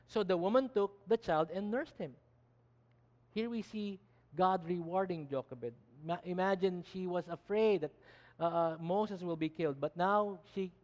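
High-voiced pastor preaching. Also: male voice. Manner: emphatic preaching with frequent restarts. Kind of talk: sermon. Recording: long reverb of a hall.

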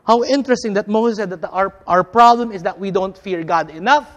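A preacher in full sermon mode, talking straight to the congregation as friends. The delivery builds through repeated phrases and stressed words, then pulls back into quiet, slowed-down lines. Its earnest, rhythmic pulpit cadence carries from point to point. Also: medium pitch, long reverb tail, dull audio. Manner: addresses the listeners as friends.

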